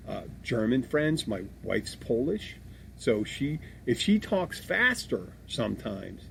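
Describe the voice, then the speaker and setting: A middle-aged man co-hosting a podcast, chatting casually in a rambling, animated way and swearing freely. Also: mid-range voice, creaky, slight background noise. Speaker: podcast co-host. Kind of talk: casual chat.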